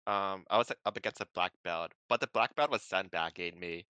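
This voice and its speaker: A man in casual conversation, explaining judo throws in a relaxed way with plenty of ums and likes. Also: deep voice, a little fast, clear, resonant tone, no room sound. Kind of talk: casual chat.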